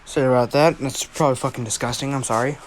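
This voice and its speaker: A man's voice: mid-range voice, steady tone, fast, slight background noise. A young man who hosts a fan-story channel, telling an improvised story in a rambling, self-deprecating way with a lot of swearing.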